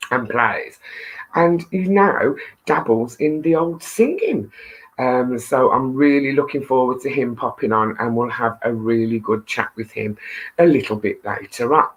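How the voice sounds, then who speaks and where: A woman's voice: rumbling low, a bit bright, low-quality recording. A middle-aged woman hosting a casual live stream, greeting viewers and reading their comments in a chatty, self-deprecating way with frequent laughs and ums.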